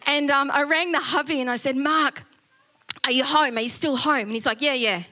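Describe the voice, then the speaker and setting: Bright high-voiced woman telling a story. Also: a little fast. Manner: animated, laughs often, many fillers and restarts. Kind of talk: casual storytelling testimony.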